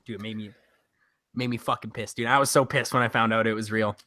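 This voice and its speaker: A man's voice: fairly low pitch, fast talker, dry recording, studio quality. A man co-hosting a casual movie review podcast, swearing freely and acting out scenes from the films. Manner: animated, swears, acts out scenes in voices. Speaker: podcast co-host.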